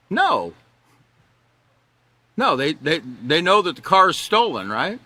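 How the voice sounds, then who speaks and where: A man's voice: a little high, bright, forceful tone. A man leading an online teacher training class, talking loosely with restarts and laughing at his own examples.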